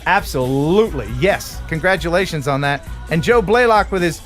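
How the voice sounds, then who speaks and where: Over soft background music, a US livestream host with a slightly high voice and lively intonation speaks at normal pace, jokey and chatty, reading donations aloud with a cheerful upward lift.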